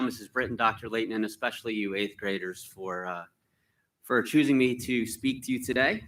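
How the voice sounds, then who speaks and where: A man who teaches middle school speaks at an eighth-grade recognition ceremony. His voice sits at an everyday middle pitch. He talks loosely, with plenty of "uh"s, mixing teasing jokes with sincere praise for the students. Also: noisy background. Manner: joking and warm toward students, casual with many "uh" fillers. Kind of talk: graduation ceremony speech.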